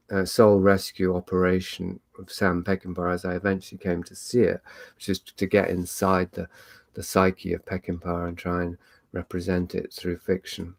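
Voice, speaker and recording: A man's voice: sits low, gravelly, dry recording. A man hosting a live online meet, talking in a rambling, reflective way with many fillers and restarts. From England. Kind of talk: casual solo talk.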